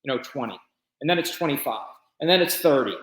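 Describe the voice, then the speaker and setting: Animated man telling a story, roomy sound. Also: mid-range voice, fast talker. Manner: animated storyteller with shifting loudness. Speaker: business owner guest. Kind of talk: casual podcast storytelling.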